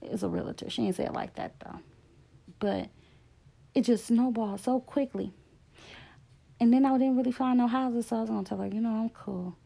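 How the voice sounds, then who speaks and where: Woman, middle-aged, gravelly and mellow, candid storytelling, emphatic, pace swings fast and slow. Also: a little high. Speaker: speaker sharing a personal story. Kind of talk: casual testimonial storytelling.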